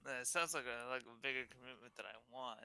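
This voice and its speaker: A man's voice: mid-range voice, fairly quick, creaky, bright, forceful tone. A man taking part as a player in a tabletop game, speaking hesitantly with many fillers and trailing-off phrases. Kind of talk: casual tabletop play.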